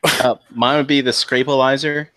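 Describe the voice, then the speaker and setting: A man on a podcast panel chatting in a laid-back, halting way with many fillers. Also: mid-range voice, flat delivery, pushed and bright, no echo. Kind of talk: casual chat.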